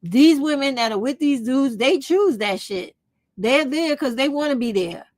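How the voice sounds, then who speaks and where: A woman's voice: high voice, animated, normal speed, darkish tone, dry recording. A woman, talking straight to her viewers in a casual opinion vlog, blunt and profane. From United States. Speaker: vlog host.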